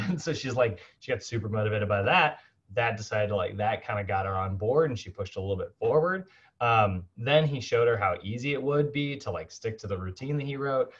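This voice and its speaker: A man teaching a fitness course in a casual recorded lecture, chatty and animated, laughing often and acting out the people he describes. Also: fairly low pitch, fast. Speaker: fitness instructor. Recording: slightly dull lo-fi sound.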